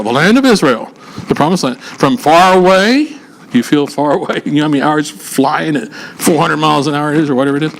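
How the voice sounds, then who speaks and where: A man's voice: fairly high pitch, low-quality recording. A man leading a scripture teaching session, reading verses aloud and breaking off into casual asides and jokes with his listeners. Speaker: Bible teacher.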